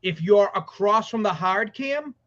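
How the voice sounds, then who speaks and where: A man co-hosting a casual sports podcast, rambling excitedly and swearing as he talks. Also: sits high, measured pace. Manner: excited, profane, rambling with restarts. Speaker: podcast co-host. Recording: dull lo-fi audio.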